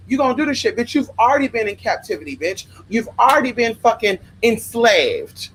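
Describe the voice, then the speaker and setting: A woman's voice: a little high, expressive, a little fast, few pauses, a little hiss or hum, low-quality recording. A young woman from Los Angeles hosting a livestream, giving spiritual advice in an emphatic, profane, sassy rant that keeps calling listeners honey. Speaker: livestream host.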